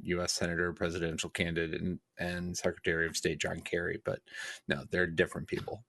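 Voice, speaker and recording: A man with a very deep, gravelly voice chats casually as a co-host on a hockey podcast. He drops dry, jokey asides and stumbles over his words. The mic sound is close and dry. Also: flat delivery, brisk, pushed and bright, no room sound.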